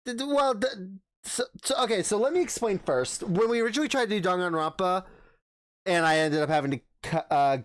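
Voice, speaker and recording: A man's voice: sits high, brisk, clean tone, no room sound. A man hosting a casual podcast, chatting in a rambling way with many restarts. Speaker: podcast host.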